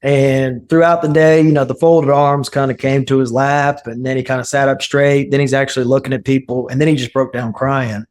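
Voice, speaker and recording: A man of middle pitch speaks as a podcast guest, earnest and unhurried in his storytelling. He slips into the voices of the people he quotes, then returns to his own even tone. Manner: earnest, acts out quoted speech. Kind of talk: casual storytelling interview.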